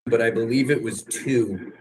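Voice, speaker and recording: A man's voice: mid-range voice, moderate pace. Hesitant man attorney over a noisy call. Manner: hesitant, hedging. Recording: video call with noisy background.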